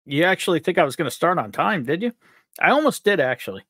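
A cheerful man from upstate New York hosts a live stream, joking around as he greets viewers. His voice sits a touch high and swings up and down with lots of life. The sound is dry, with no room echo. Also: sing-song, fast talker, a bit bright. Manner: upbeat, jokey, reads out chat names. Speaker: livestream host.

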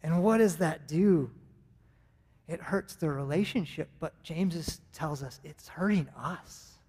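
Earnest American pastor in a reverberant hall. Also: male voice, a little high, unhurried, a little mellow, slightly rough. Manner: earnest, conversational with many restarts. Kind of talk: sermon. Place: church sanctuary. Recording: long reverb of a church hall.

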